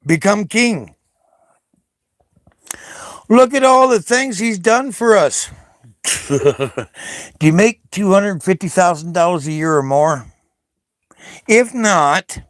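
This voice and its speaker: Profane older man ranting, slow and dry. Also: medium pitch, clean tone, no echo. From United States. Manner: profane, confrontational, taunting. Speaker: Navy veteran vlogger. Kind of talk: angry political rant to camera.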